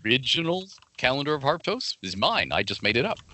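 A man being interviewed as a fantasy game writer, telling stories in an animated way and laughing often. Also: mid-range voice, brisk, no echo. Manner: animated, laughing often, jumps into quoted voices. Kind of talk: casual interview chat with storytelling.

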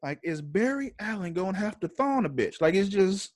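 A man's voice: high-pitched, big pitch swings, moderate pace, dry recording, studio quality. A man co-hosting a podcast in casual chat, laid-back and agreeable, swearing freely. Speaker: podcast co-host.

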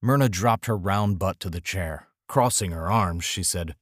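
Low husky guy reading a story aloud, lots of expression, dry sound. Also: expressive, normal speed, hardly any pauses, dry recording. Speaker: narrator. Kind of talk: audiobook storytelling.

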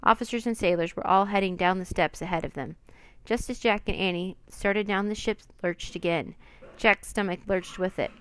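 Lady reading a kids' adventure book, dramatic and expressive, dry close sound. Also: mid-range voice, normal speed, clean tone, no room sound. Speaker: storyteller. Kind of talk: children's storybook reading.

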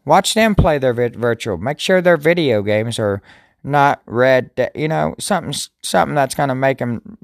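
A man's voice: medium pitch, animated, moderate pace, gravelly, dry recording, studio quality. A man casually reading Bible verses and commenting, rambling and joking, often stumbling over words. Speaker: devotional vlogger.

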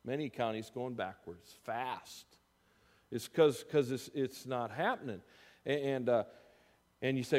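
A man preaching a sermon as pastor, emphatic and animated, rising loud and dropping soft. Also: mid-range voice, unhurried. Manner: animated, emphatic preaching with big swings in loudness. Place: church sanctuary. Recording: long reverb of a church hall.

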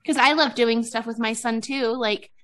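Chatty higher-voiced woman host in her thirties. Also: steady tone, normal speed, a bit bright. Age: 30s. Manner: chatty, laughs often, lots of "like". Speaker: podcast host. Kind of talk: casual chat.

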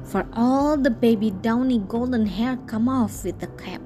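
A woman reading a fairy tale aloud in a slow, deliberate, expressive storytelling manner. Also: on the high side, soft background music.

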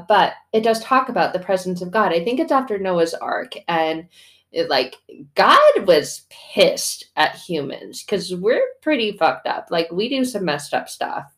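A woman's voice: mid-range voice, animated, moderate pace. A woman and mother hosting a casual faith talk, chatty and slangy, with some swearing. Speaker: faith podcast host.

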